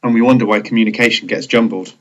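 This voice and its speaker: A man narrating a scripted leadership training video in a measured, explanatory way. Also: medium pitch, steady tone, highs cut off.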